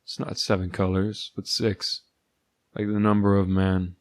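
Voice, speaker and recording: Male storyteller, lowish voice, dry sardonic first-person read, very dry room. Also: flat delivery, measured pace, no echo. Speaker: narrator.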